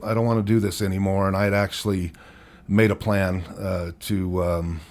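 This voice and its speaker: A man in his fifties with a very low voice tells his story to a podcast host. He is candid and rambles a little, and he often laughs at himself as he talks. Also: flat delivery, normal speed, darkish tone. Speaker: podcast guest. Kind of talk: personal storytelling interview.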